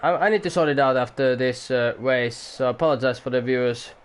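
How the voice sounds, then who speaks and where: A man doing amateur commentary on a sim race at home, excitable at times, swearing now and then, and keeping his voice down for the neighbours. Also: mid-range voice, fairly quick, clean tone. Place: home room.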